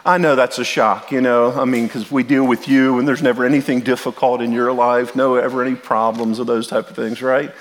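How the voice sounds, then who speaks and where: In a church sanctuary with long hall reverb, a middle-aged pastor preaches a sermon to his congregation, earnest and direct, often repeating and restarting words. His voice is medium-pitched and steady, brisk with few pauses.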